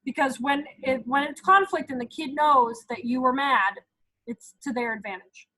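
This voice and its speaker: A woman's voice: high voice, normal speed, bright, forceful tone, rough recording. A woman in her thirties leading a casual parenting talk, chatty and acting out little quotes as she goes. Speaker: parenting group leader.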